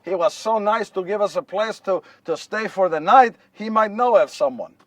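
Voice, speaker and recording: A man's voice: high-pitched, expressive, moderate pace, dry recording, far from the mic. A man voicing Mary, a young wife who speaks in curt, firm orders, inside a stage monologue. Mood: gentle.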